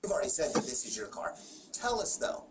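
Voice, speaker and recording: A man's voice: a little high, big pitch swings, fast. A man working as a police detective, bluntly lecturing and pressing a suspect in an interrogation. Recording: echoey, distant, noisy room recording.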